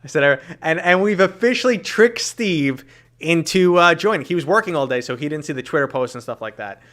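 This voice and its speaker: A man's voice: fairly high pitch, lively intonation, fairly quick, fairly bright tone. Joking New York man hosting a podcast. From New York City. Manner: joking, teasing, reads chat comments aloud. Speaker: podcast host and streamer. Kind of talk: casual chat.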